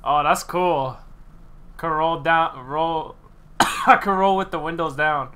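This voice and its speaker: Young man, game streamer, casual excitable commentary, unhurried, bright voice. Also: on the high side, clear, resonant tone. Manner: excitable, laughs often, slangy.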